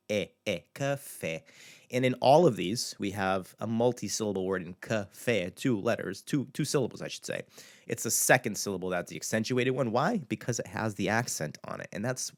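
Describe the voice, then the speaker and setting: A native European Portuguese speaker with a European Portuguese accent, a man teaching a pronunciation lesson and slowly repeating words to model each sound. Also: lowish voice. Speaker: language teacher.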